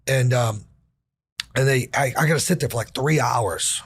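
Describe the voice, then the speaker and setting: Man, 30s, husky voice, candid storyteller, casual swearing, acts out the dialogue. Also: medium pitch, moderate pace. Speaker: podcast guest.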